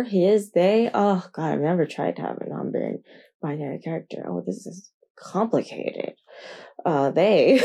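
Brief: drowsy female storyteller, slow-paced, gravelly and dark-toned. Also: fairly low pitch. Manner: rambling, giggly, self-correcting. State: half asleep. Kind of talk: improvised bedtime-style narration.

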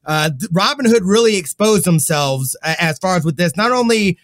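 A man speaks bluntly in casual podcast chat, pressing his opinions with some fillers. His voice is a little higher than most men's. The recording is dry and close. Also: animated, normal speed, a bit bright, no echo. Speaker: podcast co-host.

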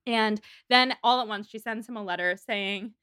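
Woman co-host, casual book chat, bright voice, dry close sound. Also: fairly high pitch, smooth, no echo. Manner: chatty, reads passages aloud, quick asides. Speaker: podcast co-host. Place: apartment room in a city.

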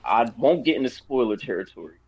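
A man's voice: medium pitch, lively intonation, fast talker, darkish tone, lo-fi sound. A man co-hosting a casual chat, rambling through a movie review with many fillers and restarts, while he has the hiccups. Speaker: podcast co-host giving a movie review.

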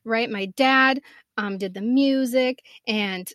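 Animated woman in her fifties, dry close sound. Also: on the high side, takes it slowly, no room sound. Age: 50s. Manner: animated storyteller, swings from soft to loud. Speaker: podcast co-host. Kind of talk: casual chat.

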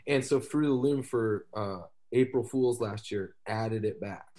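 A man's voice: lowish voice, a little slow, warm tone. A man guesting on a casual podcast, telling loose stories with frequent laughs and little sound imitations.

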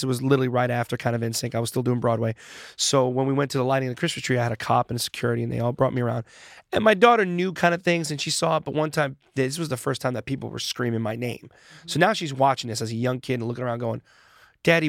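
Fast-talking man telling stories. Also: mid-range voice, no room sound, clean studio sound. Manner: animated storyteller who acts out quotes, swears casually. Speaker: guest. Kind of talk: casual interview chat.

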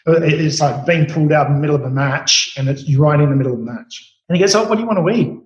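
A middle-aged man, a chef, telling stories in an interview with a relaxed, rambling manner full of fillers and restarts. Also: fairly high pitch, quick pace, dull audio. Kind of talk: storytelling interview answers. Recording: roomy echo.

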